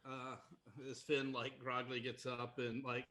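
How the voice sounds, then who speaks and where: A man's voice: mid-range voice, completely flat delivery, measured pace, bright, forceful tone, a little hiss or hum. A man playing a tabletop game on a livestream, laid-back and a little hesitant. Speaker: player.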